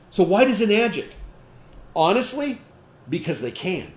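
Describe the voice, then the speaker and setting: A man's voice: fairly high pitch, sing-song, moderate pace, pauses often, echoey room. A man giving a training talk to a group, emphatic and full of rhetorical questions, checking in with "okay?" again and again. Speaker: sales trainer.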